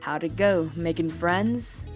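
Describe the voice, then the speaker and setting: A woman's voice: lowish voice, slow pace, faint music behind, pitched below the performer's own voice. A woman voicing a tipsy, laid-back young punk man who talks in a teasing, easygoing drawl.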